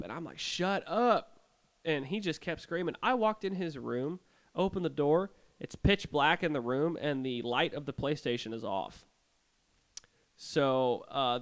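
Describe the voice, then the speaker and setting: A man with a mid-range voice tells his own spooky experiences in a loose, rambling podcast chat. He speaks in an animated, conversational way. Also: mid-range voice. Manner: rambling, animated retelling of eerie personal experiences. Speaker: podcast co-host. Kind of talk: casual storytelling.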